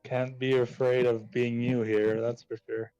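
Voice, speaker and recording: Smooth-voiced man on a dry mic. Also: medium pitch, level tone, measured pace, warm tone, dry recording. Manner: easygoing, affectionate toward chat. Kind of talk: casual live-stream chat. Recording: dry, slightly dull mic with faint music.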